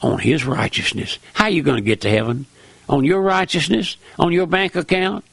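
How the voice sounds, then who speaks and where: A man's voice: normal speed, vocal fry, fairly bright tone, breathy edge, dry recording. An older man with a Southern US accent preaching a folksy radio sermon, fervent and repeating his appeals to the listener. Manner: fervent, repeats "my friend", pitch leaps high for emphasis.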